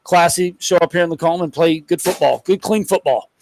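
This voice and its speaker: Fast, gravelly man. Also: on the high side, darkish tone, slight background noise. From Mississippi. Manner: friendly, effusive praise. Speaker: color commentator. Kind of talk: sports commentary.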